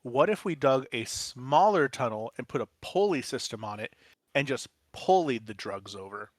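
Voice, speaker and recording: A man's voice: medium pitch, animated, normal speed, dry recording. A man co-hosting a casual podcast chat, emphatic and incredulous, with sarcastic asides. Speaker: podcast co-host.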